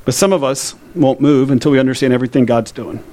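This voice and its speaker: A man's voice: mid-range voice, fast, warm tone. A man preaching a sermon to his congregation in a church, in a conversational way, often asking the listeners questions. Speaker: pastor.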